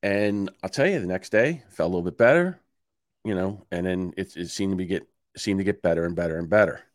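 A man's voice: low-pitched, fairly quick, no room sound, clean studio sound. A man in his sixties co-hosting a podcast, telling a story in casual chat, swearing and acting out both sides of his phone calls. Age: 60s. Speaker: podcast co-host.

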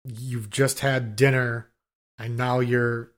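A man's voice: mid-range voice, slow. A man co-hosting a podcast in casual chat, riffing and swearing freely. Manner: profane, riffing, animated. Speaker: podcast co-host.

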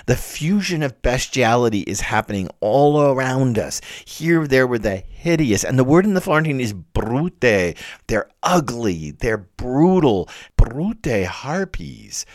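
A man lecturing on a classic poem, animated and emphatic, jumping between loud stresses and quiet asides. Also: on the low side, no echo, clean studio sound. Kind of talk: literature lecture.

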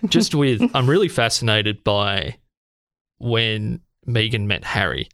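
Australian male podcast host, gravelly low voice, eager interviewer. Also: animated, slow, a bit bright, dry recording, clean studio sound. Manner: enthusiastic, complimentary, chatty. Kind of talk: interview conversation.

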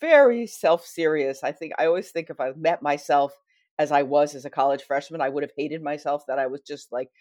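A woman's voice: low voice, brisk, a little mellow, dry recording, clean studio sound. A middle-aged American woman, a historian, telling a self-deprecating story in a casual interview. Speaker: guest historian. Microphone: wearing headphones at a mic.

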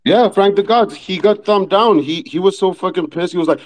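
A man from Mexico with a Mexican accent, a Spanish speaker chatting in an online audio room. He talks bluntly and profanely in a rambling way, from a fast-food restaurant. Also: high voice.

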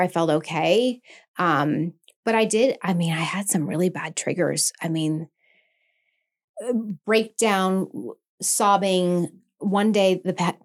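A middle-aged woman speaking in a slightly low voice, telling her story candidly and earnestly. She talks in a loose, conversational way and often slips into quoting her own past thoughts. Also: moderate pace. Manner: earnest, emotional retelling with quoted inner speech. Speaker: podcast guest, nurse anesthetist and founder.

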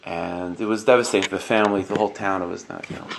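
A man's voice: low voice, fairly even intonation, fast talker, gravelly. A man giving a casual storytelling sermon, speaking loosely with many fillers and Hebrew and Yiddish terms. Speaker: rabbi giving a talk. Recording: noisy recording.

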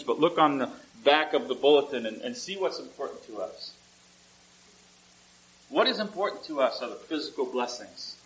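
A man's voice: mid-range voice, a bit bright, rough recording. A male pastor preaching a sermon in a conversational way, often asking the congregation questions and repeating words as he restarts.

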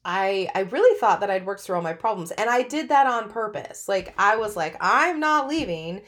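A middle-aged woman talks through her personal story as a podcast host, frank and conversational. Her voice sits at a typical pitch for a woman, and she laughs often mid-sentence as she speaks. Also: expressive, brisk. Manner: candid, chatty, frank.

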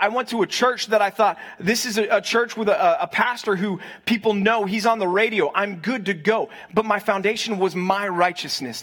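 A man's voice: sits high, fairly bright tone. A young adult man, a pastor, giving a conversational sermon that invites the listeners to answer and repeats key lines for stress.

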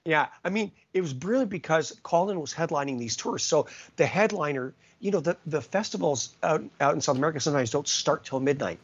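A man, a touring musician, telling lively anecdotes in a casual interview, full of asides. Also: a little high, a little fast, hardly any pauses, breathy edge, dull audio. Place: California.

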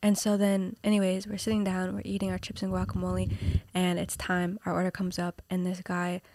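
A woman's voice: fairly low pitch, monotone, fairly quick, a little mellow, slight background noise. A young woman in casual chat, telling a story animatedly and dropping to a whisper for quoted lines.

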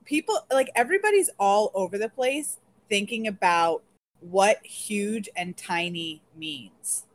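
A woman's voice: mid-range voice, unhurried. A woman in a casual group chat who rambles and restarts her thoughts as she talks. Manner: rambling, restarts often, animated.

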